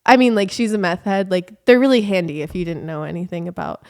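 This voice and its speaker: A woman's voice: lowish voice, a little fast. Chatty young woman telling a story. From Southern California. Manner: rambling, animated, with laughs and filler words. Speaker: vlogger. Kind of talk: casual storytelling.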